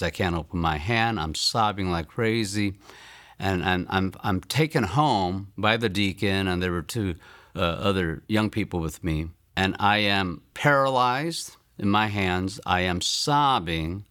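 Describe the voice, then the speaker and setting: A man in his fifties from the United States, telling his personal faith testimony in an earnest, reflective way and slowing down to stress key lines. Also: low voice, fairly bright tone, no room sound, clean studio sound. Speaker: testimony speaker.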